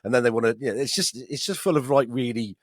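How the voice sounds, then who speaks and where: A man's voice: medium pitch, fast talker, no room sound, clean studio sound. A man co-hosting a podcast, telling rambling stories with frequent laughs and restarts. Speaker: podcast co-host. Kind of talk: casual banter.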